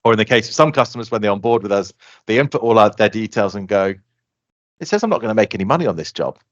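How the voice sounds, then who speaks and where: Man, low voice, rapid animated pitch, close dry mic, lo-fi. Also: dry recording. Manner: fast, animated explaining, acts out customer quotes. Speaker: software company guest. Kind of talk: casual podcast interview.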